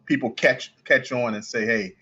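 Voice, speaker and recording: Fast-talking man with a Baltimore accent. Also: medium pitch, fairly even intonation, pushed and bright, breathy edge, muffled recording. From Baltimore, United States. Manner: fast-talking, with some stutters and restarts. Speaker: guest, coin ring artist. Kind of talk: casual podcast interview.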